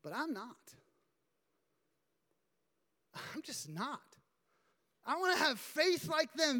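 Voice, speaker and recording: A pastor preaching a sermon in a church sanctuary, retelling a story in an animated, emphatic way. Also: very high-pitched. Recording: long hall reverb.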